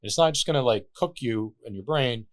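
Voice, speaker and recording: A man of Lebanese background, a podcast guest, telling stories in casual chat with lively swearing. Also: mid-range voice, brisk, no echo. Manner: animated storyteller, swears casually.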